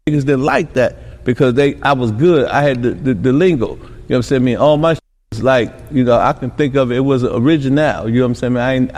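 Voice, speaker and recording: A man's voice: medium pitch, darkish tone, in a large hall. A middle-aged man from Milwaukee telling rambling stories as a podcast guest, constantly tossing in "you know what I'm saying.". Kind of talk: casual interview storytelling.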